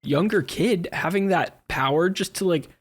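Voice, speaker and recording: A man co-hosting a podcast in casual chat, agreeable and quick to affirm what others say. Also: high-pitched, husky. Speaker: podcast co-host.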